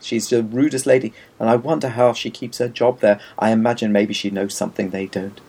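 A man telling stories in casual chat, with wry, deadpan, mock-formal phrasing. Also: lowish voice, a little fast, gravelly, breathy edge.

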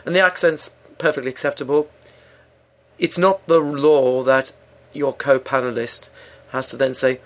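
A man co-hosting a casual chat, dry and mock-serious in a deadpan way. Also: medium pitch, a little slow. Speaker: co-host. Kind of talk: casual radio-style chat.

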